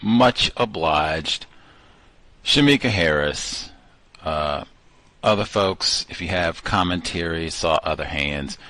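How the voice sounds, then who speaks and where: A man's voice: deep voice, slow, sharp tone, dry recording. A man hosting a call-in study session, reading passages aloud and breaking off into sardonic asides. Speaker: host.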